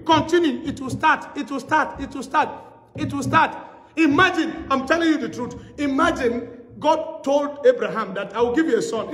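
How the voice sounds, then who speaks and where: Pastor, male, high-pitched storytelling sermon, echoey hall sound. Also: fairly bright tone. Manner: storytelling preacher, repeats phrases for emphasis.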